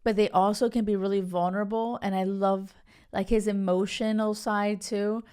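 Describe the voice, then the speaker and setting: A woman's voice: mid-range voice, level tone, moderate pace, mellow, clear, resonant tone. A young woman hosting a podcast, chatting casually and gushing, full of "like" and "you guys". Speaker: podcast host. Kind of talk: casual chat reviewing a reality show.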